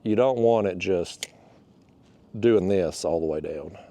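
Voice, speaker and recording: Low-voiced and slow, with a dark tone, the vlogger talks casually while fishing from his kayak outside. He's somewhat out of breath, and his speech meanders with restarts and homespun phrasing.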